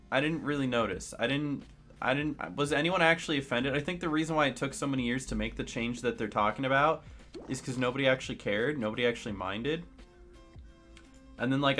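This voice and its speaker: A young gaming streamer rambles casually while he plays, opinionated yet shrugging, with lots of fillers and restarts. His voice is medium-pitched, bright, and forceful.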